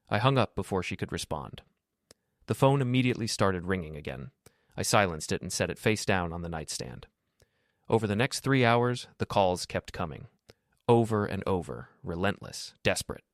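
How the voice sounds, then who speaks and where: A man tells a first-person story in a calm, level, flat manner. His voice sits very low, and the recording is close and dry with no room sound. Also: moderate pace, no echo. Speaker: narrator.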